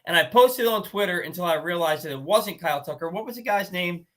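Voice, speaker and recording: A man hosting a casual sports talk show, telling a game story in an animated, exasperated way with quick restarts. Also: sits high, a crowd in the background.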